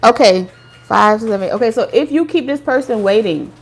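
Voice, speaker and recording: A woman's voice: fairly high pitch, expressive, normal speed, slightly rough. Blunt, slangy woman reading tarot. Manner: blunt, slangy and profane, with laughs. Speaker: tarot reader. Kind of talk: casual tarot reading to viewers.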